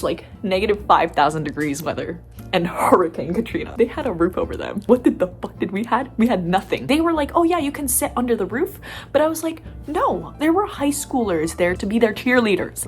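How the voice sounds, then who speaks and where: A young woman telling a road trip story in a casual vlog, animated and profane, laughing often. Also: medium pitch. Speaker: vlogger.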